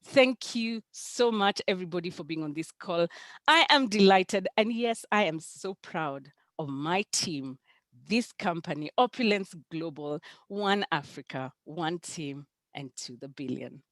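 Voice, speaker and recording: A woman giving an animated, emphatic testimonial about her business mentor on a group video call. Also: fairly low pitch, unhurried, no echo. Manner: animated, emphatic, repeats "let me tell you". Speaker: business team member giving a tribute.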